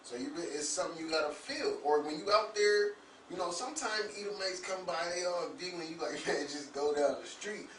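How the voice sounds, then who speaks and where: A man's voice: high-pitched, a little fast, fairly bright tone. A man chatting casually, telling a faith story and laughing along. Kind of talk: casual spiritual talk. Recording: roomy echo, far from mic, faint noise.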